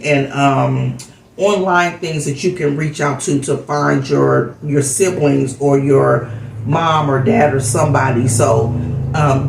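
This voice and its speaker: Woman host, gravelly, heartfelt rambling chat, a bit far from the mic. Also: low-pitched, a little mellow, a little hiss or hum. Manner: rambling, heartfelt, lots of fillers. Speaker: vlogger host. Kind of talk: casual storytelling chat. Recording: echoey room, off-mic.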